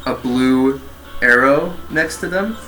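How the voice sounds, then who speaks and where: Man, young adult, game tester, bright voice, middle pitch, patient explainer, casual stream chat. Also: takes it slowly, slight background noise, low-quality recording. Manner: explains game mechanics patiently, with laughs and fillers. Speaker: publisher staff and game tester.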